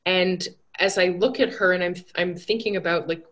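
A woman's voice: lowish voice, steady tone, normal speed, fairly bright tone. A woman recounting a vision journey in a rambling, hesitant and earnest way, with many fillers and restarts. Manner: earnest and reflective.

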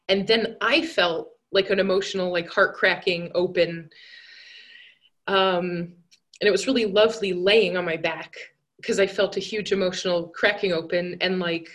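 A woman recounting a vision journey in a rambling, hesitant and earnest way, with many fillers and restarts. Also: medium pitch. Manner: earnest and reflective.

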